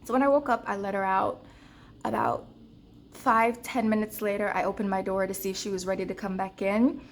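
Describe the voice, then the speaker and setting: A young woman vlogging about budgeting, telling a story to her viewers in an animated, casual way. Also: a little fast, a little hiss or hum. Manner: counts cash in a low murmur.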